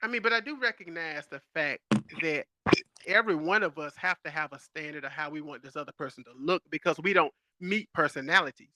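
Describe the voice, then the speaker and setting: A man co-hosting a podcast in casual chat, animated and laughing often. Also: a little high, fairly quick, noisy background. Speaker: podcast co-host.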